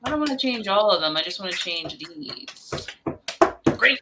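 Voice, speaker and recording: A woman's voice: mid-range voice, expressive, normal speed, heavy background noise. A woman co-hosting a live stream, chatting casually and thinking aloud as she works. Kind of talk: casual chat.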